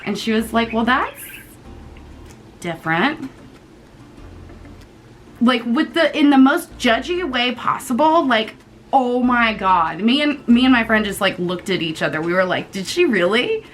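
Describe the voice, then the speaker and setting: A young woman from the United States, casually telling a storytime vlog in an animated, chatty way and swearing freely. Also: fairly high pitch, normal speed, slight background noise. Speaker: vlogger.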